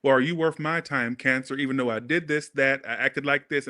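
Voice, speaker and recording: A man doing a casual tarot reading, talking straight to his viewers in a blunt, sassy, animated way. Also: medium pitch, brisk. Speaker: tarot reader.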